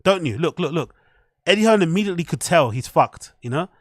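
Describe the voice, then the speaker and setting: A man's voice: a little high, expressive, fairly quick, no echo, studio quality. A man, commenting to his chat on a live stream in a rambling, profane way.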